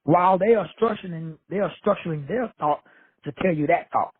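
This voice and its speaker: Brief: Texan man, blunt profane self-help lecturer, slightly high husky voice. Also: fairly quick, no echo. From Texas. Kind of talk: casual motivational monologue. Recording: dry tinny phone-like audio, husky voice.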